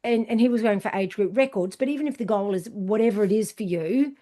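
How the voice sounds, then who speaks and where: A woman's voice: mid-range voice, quick pace. A woman endurance coach in casual podcast chat, telling stories bluntly and emphatically and acting out what people said. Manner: animated storyteller who acts out what people said.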